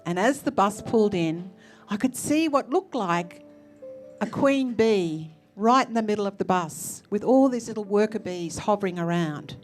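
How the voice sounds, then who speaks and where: An Australian woman telling a personal story on stage in a lively, expressive way, acting out the people she quotes. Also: mid-range voice, normal speed, faint music behind. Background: faint musical accompaniment.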